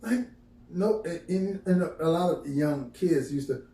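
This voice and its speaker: Talking to camera, a middle-aged vlogger spins profane, animated stories and performs the lines he quotes. His slightly high voice is unhurried, sitting far from the mic in an echoey room.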